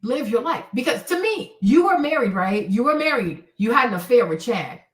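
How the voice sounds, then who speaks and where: A woman's voice: on the high side, big pitch swings, moderate pace, echoey room, recorded from a distance. A woman hosting a livestream, handing out blunt relationship advice in a brash, profane, mocking way. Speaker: livestream host.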